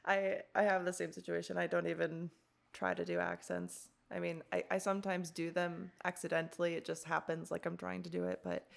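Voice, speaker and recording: Gravelly-voiced woman hosting a podcast. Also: lowish voice, flat delivery, a little fast. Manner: rambling, giggly, swears casually. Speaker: podcast host. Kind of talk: casual chat.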